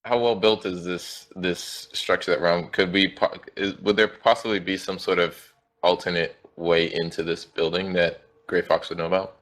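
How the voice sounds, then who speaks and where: Deep-voiced man playing a tabletop game. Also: level tone, normal speed, a bit bright. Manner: hesitant, laughs often. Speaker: player. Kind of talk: casual game chat.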